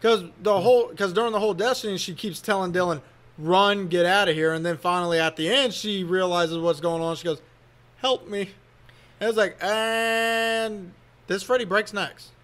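A man's voice: high-pitched, fairly even intonation, moderate pace, fairly bright tone. A man co-hosting a casual movie podcast, recapping the plot step by step. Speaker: podcast co-host.

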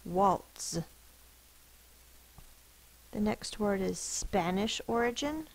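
A woman's voice: medium pitch, expressive, low-quality recording. A woman teacher giving a spelling lesson, patiently sounding out words and explaining the rules behind each sound. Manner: slow, careful sounding-out of words.

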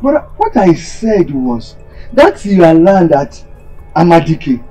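A man's voice: big pitch swings, slow pace, faint music behind, low-quality recording. A man with a Nigerian accent playing a greedy younger brother who keeps pleading for his elder brother's land. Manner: wheedling, repeats "brother" with sharp pitch swings. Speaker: scheming younger brother, chief.

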